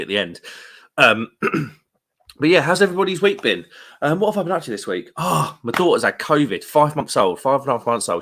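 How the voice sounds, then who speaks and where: A man with a British accent hosting a casual live stream, chatty and rambling, with quick laughs and slangy asides. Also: fairly low pitch, sharp tone. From United Kingdom. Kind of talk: casual live stream chat, reading viewer comments. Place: room at home.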